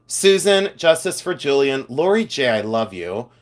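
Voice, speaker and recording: A man's voice: mid-range voice, sing-song, a little slow. A man hosting a live stream, chatting casually and playfully with viewers, teasing and laughing often. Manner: chatty and effusive.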